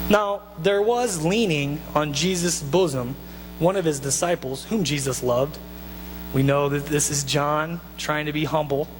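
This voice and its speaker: A male pastor with a high voice gives a casual, animated sermon, full of asides and quick restarts. He is in a church sanctuary, where his voice rings through the reverberant hall over a faint mains hum.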